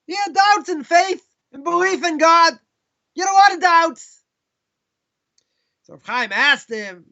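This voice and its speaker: High, bright-voiced Boston rabbi teaching. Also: male voice, moderate pace, highs cut off. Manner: storytelling, acts out questions in quoted voices. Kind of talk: live Torah class.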